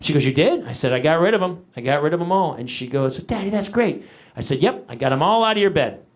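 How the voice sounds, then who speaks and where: A middle-aged man does stand-up on stage, telling animated, exaggerated stories and shouting his punchlines while the audience laughs. His pitch is fairly high and he talks fast.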